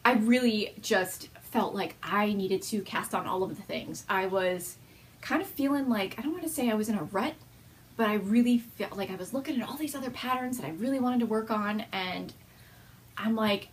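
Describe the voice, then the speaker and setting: A woman's voice: medium pitch, moderate pace, slight background noise. A young woman hosting a knitting video podcast at home, chatting casually and laughing often.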